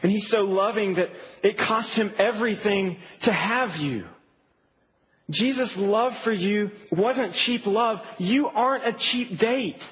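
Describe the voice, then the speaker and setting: A man preaching a sermon to a campus ministry, earnest and emphatic, dropping soft and then rising to stress. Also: high voice, slow pace, a little hiss or hum, rough recording.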